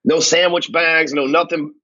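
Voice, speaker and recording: A foul-mouthed man ranting bluntly about his past, swearing at every turn. His voice sits a little high for a man, and the recording is slightly dull and lo-fi. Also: fairly even intonation, unhurried, sharp tone. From North Texas. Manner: blunt, angry, swears constantly. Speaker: sales coach telling his story. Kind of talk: profane casual monologue.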